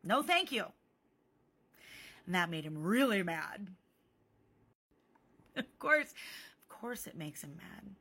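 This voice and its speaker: Bright-voiced woman telling a sarcastic story. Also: fairly low pitch, slow, pauses often, husky. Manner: animated, sarcastic, swearing freely. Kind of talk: casual storytime vlog.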